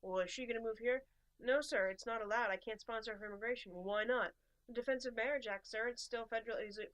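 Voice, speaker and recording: A young American woman with a slightly high voice talks fast as a podcast co-host. In casual chat, she tells a travel story and acts out the dialogue in quoted voices.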